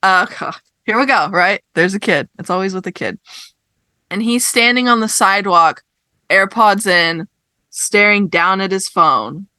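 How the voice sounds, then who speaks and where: A young woman with a bright, forward voice tells a story in casual podcast chat. She rants with exasperated emphasis and swears freely. The sound is close and dry. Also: mid-range voice, a little slow, no echo. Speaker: podcast co-host.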